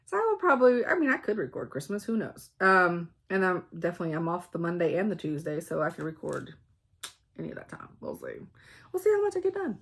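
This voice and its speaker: A woman with a slightly low voice chats casually to her viewers as host of her own stitching vlog. She rambles from one thought to the next and laughs easily as she goes. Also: wildly swooping pitch, fast, few pauses, slightly rough. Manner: rambling and chatty, with frequent fillers and laughter. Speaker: flosstube host. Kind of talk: casual chat to camera.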